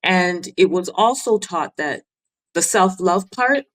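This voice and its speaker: A woman's voice: on the low side, lively intonation, takes it slowly, poor audio. A woman speaking as a guest and mentor on a podcast, earnestly giving advice in short, repeated phrases. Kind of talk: casual interview chat.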